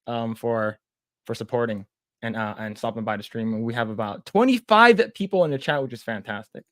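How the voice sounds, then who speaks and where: A man co-hosts a casual livestream as a podcast co-host, stammering and repeating words while reading the chat aloud. His mid-range voice has lively intonation, a fairly bright tone, and a moderate pace, captured in clean studio sound with no room noise.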